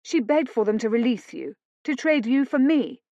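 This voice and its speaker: A woman reading an audiobook, voicing a prim, sharp-tongued young lady with frosty indignation. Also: on the high side, expressive, moderate pace, no room sound, pitched above the performer's own voice. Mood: indignant. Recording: dull dry lo-fi studio read.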